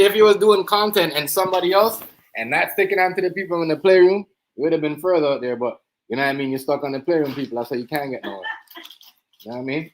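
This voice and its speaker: A man's voice: a little high, slight background noise, poor audio. Man ranting in a livestream. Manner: mocking, insulting, repeats himself. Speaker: livestream host. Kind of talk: heated reaction rant.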